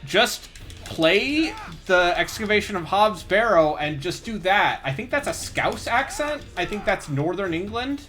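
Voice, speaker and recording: A young man streaming a game and chatting with friends, sarcastic and quick to swear. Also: high voice, expressive, fairly bright tone, faint music behind. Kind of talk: casual gaming chat.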